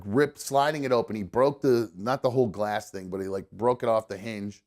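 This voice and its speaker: Male podcast host, casual profane storyteller, rambling delivery, average pitch. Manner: rambling, profane, with frequent fillers and restarts.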